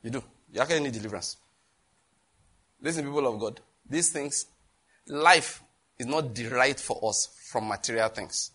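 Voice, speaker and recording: A man preaching a sermon, lively, with laughter and questions thrown to the congregation. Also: medium pitch, moderate pace, slightly rough. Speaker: pastor.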